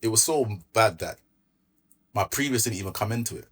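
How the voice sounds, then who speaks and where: A man's voice: lowish voice, expressive, fairly quick, a bit bright. A man from London with a London accent, a podcast guest casually telling his story in street slang with quoted back-and-forth. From Brixton, London. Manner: laid-back street slang, recounts events with quoted dialogue.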